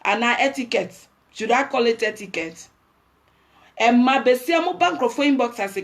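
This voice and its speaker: A woman's voice: on the high side, lively intonation, normal speed. A woman with a Ghanaian accent, hosting a livestream and delivering a blunt, preachy rant that scolds her viewers. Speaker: livestream host.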